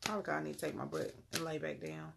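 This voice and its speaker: A woman's voice: low voice, little pitch movement, fast, gravelly, background noise. A woman giving a casual tarot reading on a live stream, laid-back and slangy, calling her viewers "beloved".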